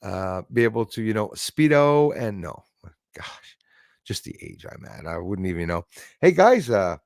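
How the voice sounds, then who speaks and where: Deep-voiced, with vocal fry and a moderate pace, a Canadian man hosts a casual livestream, rambling through comments with many fillers and thanking viewers. The recording is clean studio sound with no room sound.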